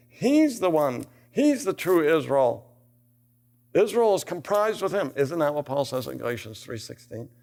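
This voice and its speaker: Older man, theology lecturer, slightly high voice, classroom lecture, reads scripture, rhetorical questions, emphatic. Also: darkish tone.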